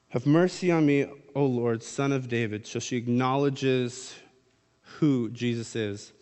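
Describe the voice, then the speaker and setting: A man preaching a sermon in a casual, conversational way, reading scripture aloud and then explaining it. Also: medium pitch. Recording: long hall reverb.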